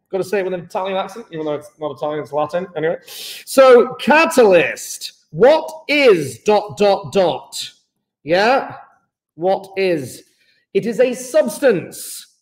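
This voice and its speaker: A man's voice: high voice, sing-song, measured pace, roomy sound, poor audio. A man teaching a chemistry class online, chatty and teasing with his students.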